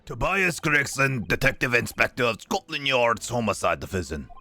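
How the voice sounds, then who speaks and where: A man voicing a brisk, eager male police detective. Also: medium pitch, big pitch swings, bright, forceful tone, faint music behind, voice pushed up, heavily acted. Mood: dutiful.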